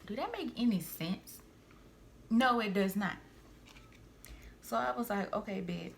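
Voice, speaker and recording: A young woman vlogger and single mother, venting a family story to her viewers in a heated, animated way with frequent asides. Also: mid-range voice, unhurried, gravelly, slight background noise. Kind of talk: storytime vlog, venting to camera.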